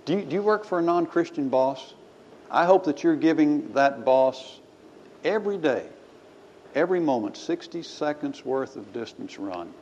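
A man's voice: a little high, animated, moderate pace, darkish tone, a little hiss or hum. A man preaching a sermon in a church. He talks in a folksy way and reads scripture aloud with rising emphasis. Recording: slightly dull recording with faint ambience.

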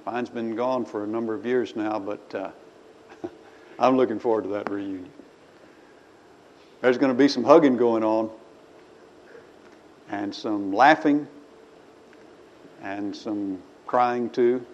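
A man's voice: lowish voice, slow pace, long pauses. Guy giving a folksy sermon in church, gets big reading scripture, kinda muffled recording. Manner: folksy, reads scripture with rising emphasis. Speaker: preacher. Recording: slightly dull recording with faint ambience.

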